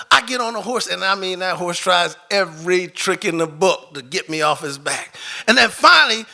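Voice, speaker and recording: A man telling a personal story live on stage into a microphone, animated, swinging from loud outbursts to hushed moments. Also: extremely high pitch, creaky. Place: stage before an audience.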